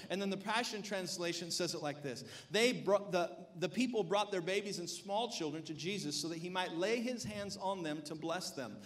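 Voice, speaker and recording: Preaching a sermon in a notably high, somewhat bright voice, a male pastor speaks a little fast with lively intonation. He is emphatic and exhorting, pressing the congregation to respond.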